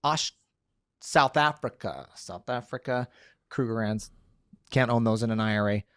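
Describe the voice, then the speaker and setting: A man's voice: mid-range voice, unhurried, a bit bright, clean tone, dry recording, clean studio sound. A man hosting a casual podcast, answering listener questions in an upbeat, joking way. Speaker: podcast host and lawyer.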